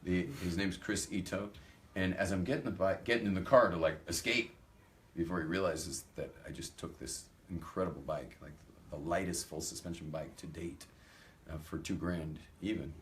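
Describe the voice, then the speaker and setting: Man with a very low voice, storytelling talk, animated anecdotes, faint noise behind. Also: moderate pace. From United States. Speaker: rabbi giving a talk. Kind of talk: storytelling talk to a live audience.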